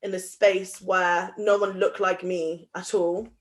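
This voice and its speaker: A young woman from Somerset in England talks as a guest on a live show. Her delivery is loose and chatty, laced with self-deprecating asides and filler words, at an ordinary pitch. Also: level tone, slow. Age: young adult. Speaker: guest speaker. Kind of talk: casual talk.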